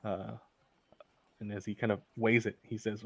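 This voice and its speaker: A low-voiced man runs a tabletop game as game master, narrating in halting bursts full of fillers. The recording is dry and close. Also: flat delivery, fairly bright tone, no echo.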